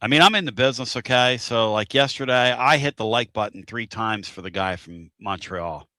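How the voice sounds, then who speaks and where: A male host rambles through a casual live-streamed talk show in a folksy, repetitive way. His voice is bright and forceful. The sound is dry and close. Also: medium pitch, normal speed, no room sound. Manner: rambling, repeats himself, folksy.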